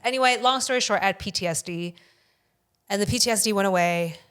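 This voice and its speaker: A woman's voice: mid-range voice, fast talker, fairly bright tone, clear, resonant tone. A woman guest on a podcast, telling a story in a casual way, rambling and swearing for emphasis.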